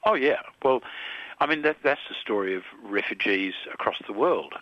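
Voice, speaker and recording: Older Aussie man, low crisp voice, dry dull radio sound, reflective guest. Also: lively intonation, normal speed, dry recording. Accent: Australian. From Australia. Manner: thoughtful, with hesitations and restarts. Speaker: interview guest, filmmaker.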